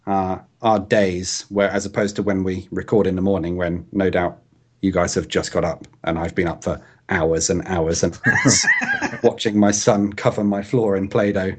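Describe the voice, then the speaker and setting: A man's voice: sits low, big pitch swings, normal speed, husky. A man hosting a casual podcast from home, joking about himself and laughing often as he chats with two friends. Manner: jokey, self-deprecating, laughs often. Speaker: podcast host. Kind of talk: casual chat.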